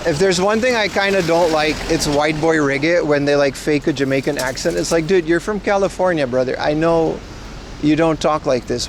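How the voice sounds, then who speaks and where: A man's voice: fairly high pitch, background noise. A man in his thirties hosting a casual livestream outdoors on city streets, rambling and answering viewer chat while biking. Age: 30s. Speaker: livestream host.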